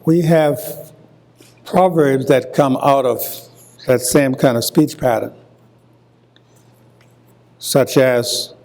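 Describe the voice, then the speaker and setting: An older man from Hilton Head Island with a Gullah accent, giving a university lecture deliberately and repeating example words as he explains. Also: mid-range voice, a little mellow. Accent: Gullah, coastal South Carolina. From Hilton Head Island, South Carolina. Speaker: guest lecturer.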